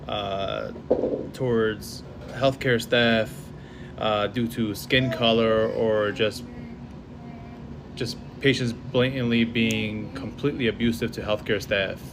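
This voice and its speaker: A man's voice: lowish voice, noisy background. A man, a nurse, earnestly posing a question to camera, hesitating with fillers. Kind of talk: commentary to camera.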